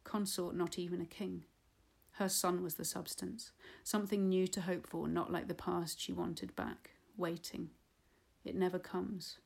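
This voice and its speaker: A woman reads a literary novel aloud in a measured, unhurried audiobook style. Her voice sits a little low and stays level, with hardly any rise or fall. A gravelly fry runs under the words. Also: little pitch movement, a little mellow. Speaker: audiobook reader.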